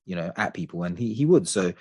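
A man co-hosting a podcast, chatting casually and giving animated opinions with plenty of hedging. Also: low-pitched, fast, breathy edge, no echo. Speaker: podcast co-host.

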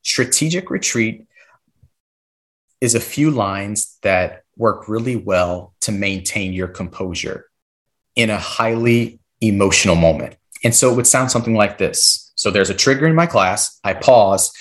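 A man's voice: lowish voice, lively intonation, moderate pace, a bit bright. A man explaining classroom strategies on a podcast, coaching listeners and checking in with a frequent "right?". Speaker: podcast guest, classroom behavior expert.

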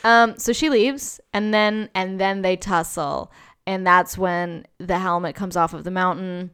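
A woman co-hosting a casual chat, animated and given to loud exclamations and swearing. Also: fairly low pitch, a little slow, clean tone. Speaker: podcast co-host. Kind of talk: casual chat recapping a show.

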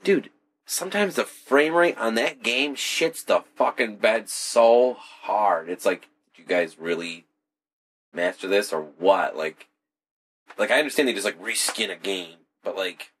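Young man, casual co-host, low husky voice, rambling and profane. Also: a little slow, fairly bright tone. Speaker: podcast co-host. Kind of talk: casual chat.

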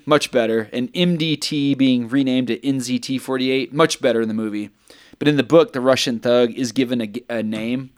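A man's voice: medium pitch, clear, resonant tone. A man co-hosting a podcast in casual chat, playful with mock-dramatic buildups. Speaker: podcast co-host.

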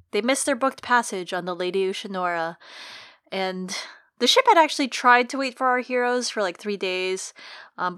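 A woman co-hosting a casual book podcast, recapping chapters conversationally and dropping into quick character voices. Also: medium pitch, a bit bright, no echo, studio quality. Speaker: podcast co-host.

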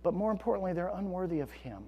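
A man preaching a sermon as pastor, earnest, swelling into emphatic storytelling and dropping to a hush. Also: high voice, expressive, fast talker, husky, big-room sound, lo-fi sound. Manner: earnest, rising to emphatic storytelling then hushed.

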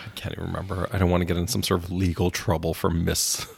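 A man's voice: low-pitched, little pitch movement, fast talker, gravelly, a little mellow, breathy edge. A man co-hosting a podcast in casual chat, laid-back, laughing often and making dry jokes. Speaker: podcast co-host.

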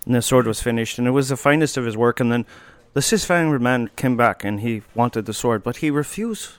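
Man, podcast host, casual chat, smooth clear voice, dry close sound, rambling with wry asides. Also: mid-range voice, a little fast, no echo. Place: coffee shop.

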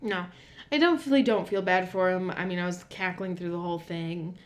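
A woman's voice: fairly low pitch, fairly quick. Dry, sardonic young woman co-host. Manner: dry, sardonic, mimics cast members in deadpan voices. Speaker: podcast co-host. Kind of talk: casual chat recapping reality TV.

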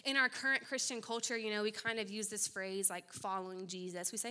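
A young adult woman, the guest speaker in a room full of young people, gives a conversational youth sermon in a direct, urgent way with playful asides and mock-voiced quotes. Her mid-range voice is bright, clean, and forceful, at a moderate pace.

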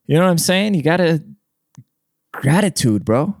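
A man's voice: a little high, sing-song, normal speed, gravelly, no room sound, clean studio sound. A young man hosting a podcast, telling a rambling, profane story in a loose casual monologue. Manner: rambling and profane, with frequent restarts and "dude". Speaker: podcast host.

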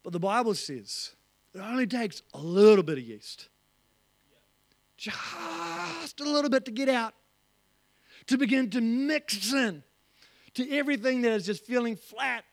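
A man preaching a sermon as pastor in a church, animated and joking, acting out little voices. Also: extremely high pitch, unhurried, creaky, pauses often, no echo.

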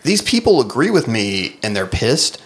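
A man's voice: mid-range voice, sing-song, normal speed. A man co-hosting a casual chat, reading comments aloud with sarcastic, mocking asides. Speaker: podcast co-host.

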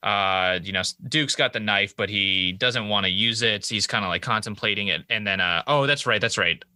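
A man talks through a TV episode in casual, profane podcast chat, sprinkling in quick quoted asides. His voice sits low but comes out bright and forceful. The sound is dry and close. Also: no echo. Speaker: podcast co-host recapping a TV episode.

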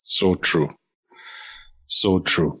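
A man's voice: sits low, fairly even intonation, extremely slow, sharp tone, husky. A man hosting an interview, asking questions in a loose, rambling and friendly way. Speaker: interview host. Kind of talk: interview conversation.

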